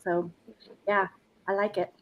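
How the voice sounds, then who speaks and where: Casting note: a mid-pitched woman, chatty, loose casual talk. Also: level tone, unhurried, highs cut off, crowd noise. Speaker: panelist. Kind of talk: casual podcast chat.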